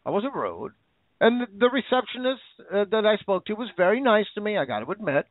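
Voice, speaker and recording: Over a thin, telephone-sounding line, a male show host delivers indignant, sarcastic ranting commentary and keeps repeating himself. He has a high, expressive voice, speaks fast, and there's no echo.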